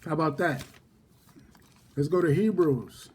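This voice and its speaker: A man with a husky, somewhat high voice leads a relaxed scripture study. He calls out each chapter and verse more than once, then reads the passage slowly and deliberately. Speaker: Bible study teacher.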